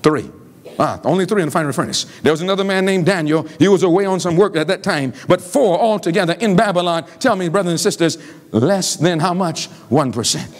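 A male pastor preaching a revival sermon in a church sanctuary, with a high, very animated voice that leaps up and down. He quizzes the congregation, leaving blanks for them to fill. He shifts from loud emphasis to low, pleading lines. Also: a little fast. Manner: call-and-response questioning of the congregation.

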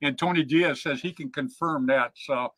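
A man hosting a show, telling casual stories in an animated, chatty way and checking in with "right?" and "man". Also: on the high side, moderate pace, no echo. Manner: animated yarn-spinner, peppers lines with "man" and "right?". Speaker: show host. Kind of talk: casual storytelling chat.

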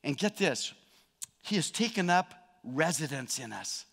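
A male pastor preaching a sermon in a church, swinging from loud emphatic peaks to hushed, personal storytelling. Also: a little high, sing-song, unhurried, vocal fry. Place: church sanctuary. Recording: long reverb of a large hall.

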